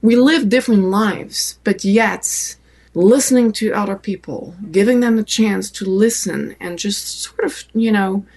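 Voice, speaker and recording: Gravelly French-accented woman telling a story. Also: medium pitch, measured pace. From France. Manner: animated storyteller, many fillers and restarts. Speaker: photographer guest. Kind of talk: storytelling interview.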